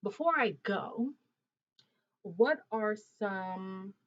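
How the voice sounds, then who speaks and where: A woman's voice: medium pitch, very slow, highs cut off. A woman in her mid twenties hosting a casual livestream, chatting with viewers and laughing often in loose slangy talk. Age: 20s. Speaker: livestream host. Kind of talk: casual livestream chat reading viewer comments. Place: Ontario, Canada.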